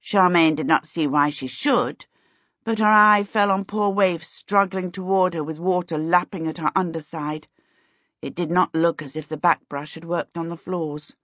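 A woman reading a storybook aloud in a measured, expressive narration. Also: on the low side, dry recording, muffled recording. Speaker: audiobook narrator.

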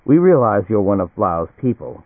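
Man doing a sneering grumpy businessman, a bit higher than his own voice, tinny. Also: sing-song, moderate pace, no room sound. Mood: irritable. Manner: scornful and brusque. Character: contemptuous, irritable male businessman. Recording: tinny, phone-like and dry.

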